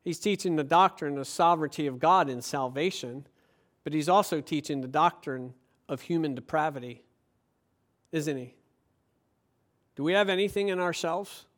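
A man's voice: fairly high pitch, normal speed, pauses often, fairly bright tone. A man preaching a sermon as pastor, emphatic and conversational, often asking rhetorical questions.

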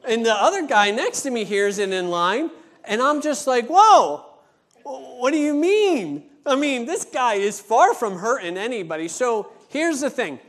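A male pastor preaching a sermon, telling a story with lively acted-out dialogue, then slowing into an earnest teaching tone. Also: very high-pitched. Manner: animated storytelling, acting out dialogue; slows down and turns earnest for teaching points.

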